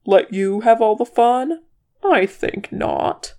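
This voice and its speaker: A reader voicing a gruff, boastful male dwarf warrior who banters bluntly in an audiobook reading. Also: mid-range voice, expressive, takes it slowly, darkish tone. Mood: gruff teasing. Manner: blunt, bantering, calls others laddie.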